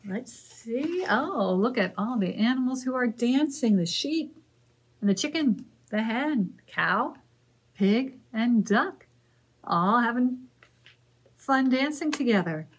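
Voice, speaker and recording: A woman librarian leading a children's story time, singing rhymes, reading a picture book aloud and making animal sounds in a slow, encouraging sing-song. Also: a little high, animated, slightly rough.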